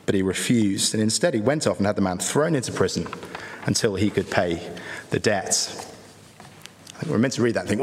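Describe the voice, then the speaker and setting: A man preaching an earnest sermon in church, pausing between phrases and using rhetorical tag questions. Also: on the low side. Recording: echoey hall reverb.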